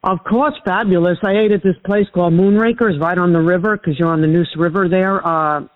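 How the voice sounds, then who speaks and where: A woman calling into a talk radio show, telling a friendly, relaxed story. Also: on the low side, fairly quick. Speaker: caller. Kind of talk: casual talk radio chat. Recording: tinny phone line.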